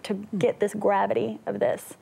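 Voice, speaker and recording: A woman's voice: mid-range voice, flat delivery, normal speed, creaky, mellow, breathy edge. A woman singer, a guest on a talk show, earnestly telling her personal faith story and laughing now and then. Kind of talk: personal faith testimony in an interview.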